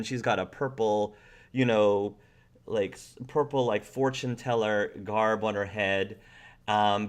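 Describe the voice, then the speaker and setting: Man, game master, slow and rambling scene narration. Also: lowish voice, a bit bright. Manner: slow, rambling description with restarts.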